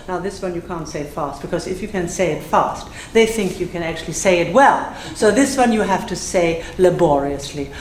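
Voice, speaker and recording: A woman teaching a live class, playful and self-mocking, drilling phrases slowly and then fast. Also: lowish voice, animated, over a noisy crowd. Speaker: Spanish teacher. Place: classroom with audience. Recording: echoey room with faint ambience.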